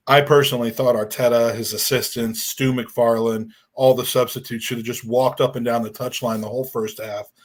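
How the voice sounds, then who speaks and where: Sweary rambling male podcast host. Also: medium pitch. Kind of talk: casual fan show talk.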